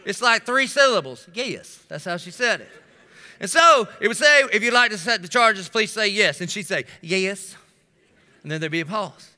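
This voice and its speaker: A man's voice: sits high, bright, forceful tone. A middle-aged male pastor preaching a sermon, telling funny stories and making asides to the congregation in a large church sanctuary. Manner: storytelling, humorous asides to the congregation. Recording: long hall reverb.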